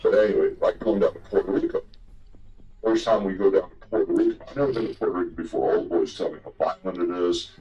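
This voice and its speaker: Very deep-voiced older man telling yarns. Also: quick pace, dark tone, dull audio. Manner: profane, rambling yarn-spinner. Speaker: guest telling old stories. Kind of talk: casual storytelling.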